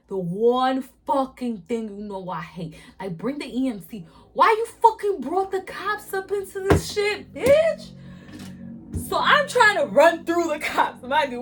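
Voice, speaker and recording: Animated, foul-mouthed young woman vlogger. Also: a little high, slightly rough. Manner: animated, profane, frequent laughter. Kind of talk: storytime while eating.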